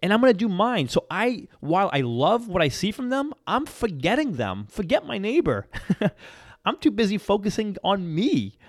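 Lively, earnest motivational podcast man. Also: sits high, moderate pace, no room sound, clean studio sound. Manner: earnest, encouraging, emphatic repetition. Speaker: podcast host and coach.

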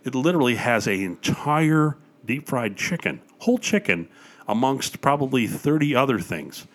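A man's voice: mid-range voice, big pitch swings, moderate pace, a bit bright. An older man from Wisconsin, chatting as a guest and telling stories eagerly, with plenty of "uh"s along the way. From Wisconsin, USA. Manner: enthusiastic storyteller with frequent fillers. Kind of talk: casual chat.

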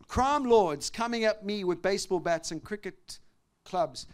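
A man preaching and telling a personal testimony, shifting between loud outbursts and hushed, intimate tones. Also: sits high, expressive, unhurried, clear, resonant tone. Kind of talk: sermon testimony.

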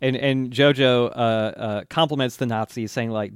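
A man's voice: mid-range voice, fairly even intonation, normal speed, clean tone, dry recording, clean studio sound. A man co-hosting a podcast, recapping an anime episode in casual, rambling chat, laughing and swearing freely. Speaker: podcast co-host.

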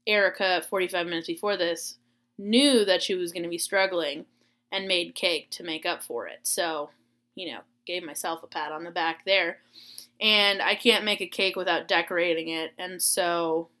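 Speaking in a lowish yet bright and clear voice, a young Florida woman who teaches tells a rambling personal story for a casual vlog. She chats easily, jokes at her own expense, and pads her pauses with lots of "uh"s and "um"s.

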